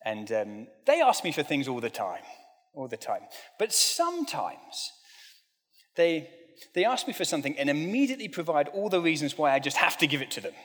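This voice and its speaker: A man's voice: a little high, sing-song, normal speed, a bit bright. A preacher man in a reverberant hall. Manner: conversational and self-deprecating, with light humor. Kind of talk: sermon. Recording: long reverb of a large hall.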